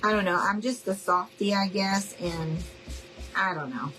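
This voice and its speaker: A woman's voice: medium pitch, measured pace, pushed and bright, faint music behind, rough recording. A woman hosting a live crafting demonstration, chatting with viewers, saying y'all and asking okay? as she works. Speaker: craft tutorial host.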